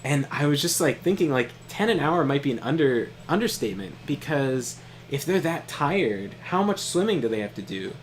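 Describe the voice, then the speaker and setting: A man's voice: medium pitch, sing-song, moderate pace, a little hiss or hum. A young man casually telling a funny story to his brother while they play a game, laughing often and swearing freely. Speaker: co-host of a gaming stream.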